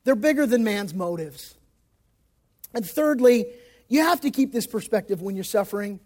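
A male pastor giving a sermon in an emphatic, folksy style with casual slang, moving between loud stresses and hushed passages. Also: high voice, animated, normal speed.

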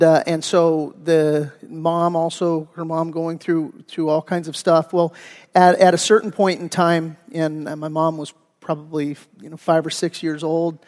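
A middle-aged man with a fairly high voice preaches to his congregation in a relaxed, conversational way, often restarting his sentences. His voice rings out with a long reverb in a church sanctuary. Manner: conversational storytelling with frequent restarts and fillers. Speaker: pastor. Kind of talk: sermon.

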